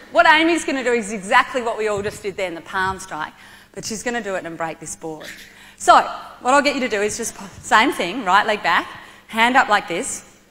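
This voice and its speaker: This Australian guest speaker, a martial arts athlete, leads a demonstration during an energetic motivational talk for young people. She has a mid-range voice at a moderate pace and playfully shouts instructions, recorded in a reverberant large hall with slight background noise.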